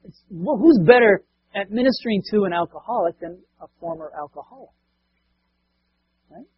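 A man's voice: high voice, expressive, normal speed, breathy edge, no echo, lo-fi sound. A man preaching a sermon as a pastor, talking conversationally and often asking the congregation rhetorical questions.

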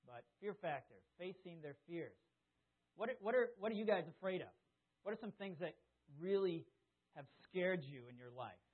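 A man preaching a sermon in a conversational, animated storytelling way, to a congregation he questions directly. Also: high-pitched, normal speed. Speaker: pastor. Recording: tinny phone-like lo-fi sound.

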